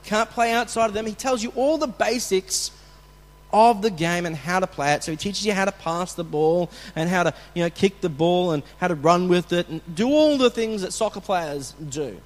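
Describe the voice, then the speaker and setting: A man preaching as a pastor, talking in a conversational way with restarts and bursts of acted shouting. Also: sits high, animated, normal speed. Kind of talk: sermon. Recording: long hall reverb.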